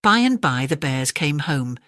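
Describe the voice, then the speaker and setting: A woman with an English accent gently narrating a bedtime story audiobook. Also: sits low, big pitch swings, dry recording, studio quality. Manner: gentle, measured.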